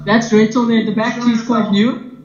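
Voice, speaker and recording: A man's voice: extremely high pitch, level tone, moderate pace, a crowd in the background. A man introducing his team over a video call, chatty and laughing. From South Africa. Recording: dull video call played into an echoey hall.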